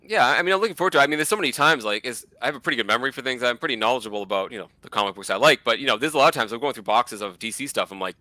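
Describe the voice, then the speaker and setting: A man's voice: medium pitch, very fast, hardly any pauses, sharp tone, no echo. A man with a Boston accent chatting casually as a guest, rambling and full of fillers. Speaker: guest collector. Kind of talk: casual chat.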